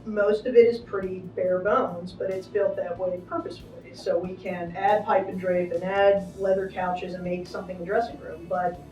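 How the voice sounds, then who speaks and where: A woman's voice: fairly low pitch, flat delivery, normal speed, hardly any pauses, darkish tone. Middle-aged woman, chatty and upbeat, lots of ums, kinda far off the mic, faint music behind. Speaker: arena manager giving a backstage tour. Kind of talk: casual walking interview. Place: backstage in a large indoor arena. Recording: echoey, from a distance, faint music.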